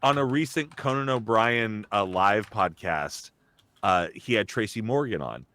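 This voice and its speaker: A man's voice: on the low side, animated, measured pace, fairly bright tone. A young man, a guest on a live talk show, telling a casual story with lots of restarts and quoted voices. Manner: rambling, full of restarts and acted-out quotes. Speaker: guest, voice actor and comedian.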